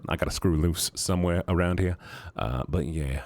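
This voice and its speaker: A man's voice: low voice, moderate pace, a little mellow, no echo. A young man streaming from home, chatting playfully with viewers through a handheld microphone, rambling and teasing. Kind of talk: casual chat with viewers. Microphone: handheld studio microphone.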